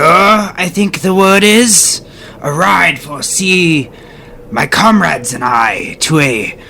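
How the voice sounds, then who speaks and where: A man's voice: sits high, creaky, pushed and bright, a little hiss or hum, full character voice. A man voicing an eager, pious warrior in a tabletop game, speaking in grand, formal phrases.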